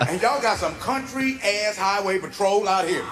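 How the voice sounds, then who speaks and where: Guy doing stand-up, high voice, crowd cracking up loud behind him. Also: slow. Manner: animated storyteller, acts out voices, laughs through lines. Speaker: stand-up comedian. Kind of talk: stand-up comedy routine. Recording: live venue with loud audience laughter. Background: audience laughing and clapping.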